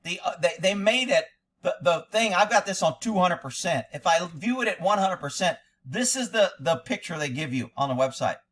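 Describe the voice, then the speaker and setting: A man rants in a sarcastic, profane running commentary, full of exasperation. His voice sits high and bright, and it swings widely as he mocks what he is watching. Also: animated, moderate pace. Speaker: commentator, former fugitive hunter. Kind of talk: ranting video commentary.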